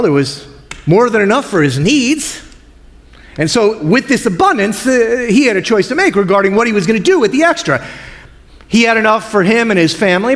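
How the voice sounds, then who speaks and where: Lively, high-voiced male preacher in a reverberant hall. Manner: storytelling, expressive, colloquial. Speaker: pastor. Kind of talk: sermon.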